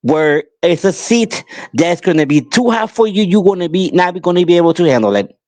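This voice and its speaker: A podcast host with a high, animated voice and a darkish tone speaks a little fast in a dry space without echo. He delivers an angry, emphatic monologue, pleading with listeners and repeating himself.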